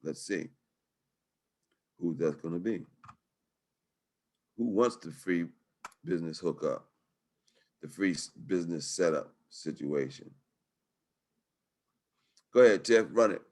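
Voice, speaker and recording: A man with a slightly low voice hosts a webinar over a video call. His talk is hyped, slangy and upbeat. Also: takes it slowly, long pauses, darkish tone. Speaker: webinar host. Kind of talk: live webinar sales talk.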